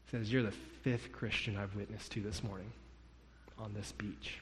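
A man's voice: lowish voice, level tone, moderate pace. Man preaching in a reverberant hall. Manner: storytelling, acting out dialogue. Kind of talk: sermon storytelling.

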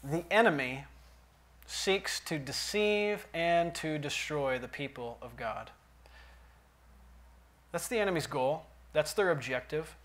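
A pastor delivers his sermon in a church, his voice sitting a little high for a man. He drops low for quiet asides, then swells loud on the lines he stresses. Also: animated, slow, pauses often. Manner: preaching with big swings from quiet to loud emphasis.

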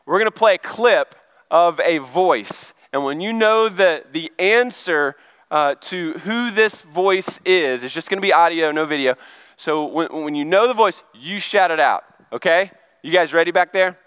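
A man's voice: on the high side, expressive, normal speed, a bit bright, smooth, no room sound. A middle-aged male pastor giving a chatty, conversational sermon and asking the congregation questions. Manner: chatty, asks the crowd questions.

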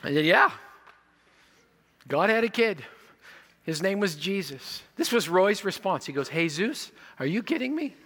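Guy pastor preaching, bright ringing voice, kinda high, goes quiet then loud. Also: expressive, unhurried, pauses often, slight background noise. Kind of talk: sermon.

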